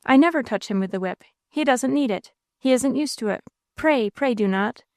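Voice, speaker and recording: Lady doing a scared little girl, begging earnestly, voice pitched up, dry sound. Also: lively intonation, moderate pace, dry recording. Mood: pleading. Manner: earnest, pleading. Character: frightened, pleading young girl on a pony.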